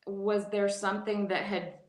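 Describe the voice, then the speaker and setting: Animated woman guest in an echoey room. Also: mid-range voice, normal speed. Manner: animated, laughing, frequent restarts. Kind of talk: casual storytelling interview.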